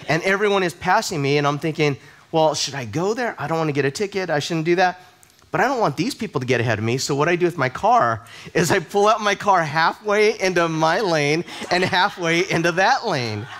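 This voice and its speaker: At a church service, a pastor with a medium-pitched, slightly bright voice preaches a sermon. He tells personal stories conversationally and self-deprecatingly, often repeating words as he begins a sentence.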